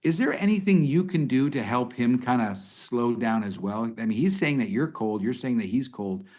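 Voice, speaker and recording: A middle-aged man appears as an expert guest in a podcast interview, offering conversational advice. He is animated, restarts sentences, and acts out example lines as he goes. His pitch is medium and his pace moderate.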